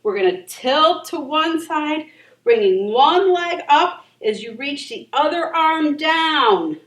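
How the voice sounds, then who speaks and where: Woman children's yoga instructor, high-pitched and sing-song, unhurried; recorded far off in a reverberant room. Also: animated. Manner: encouraging, gentle and sing-song. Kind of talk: leading a kids' yoga class. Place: library room.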